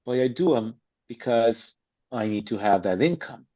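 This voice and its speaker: A man's voice: medium pitch, animated, moderate pace, warm tone. A man speaking as a podcast guest about acting, blunt and emphatic in a streetwise way. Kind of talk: casual interview chat. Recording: slightly dull lo-fi sound.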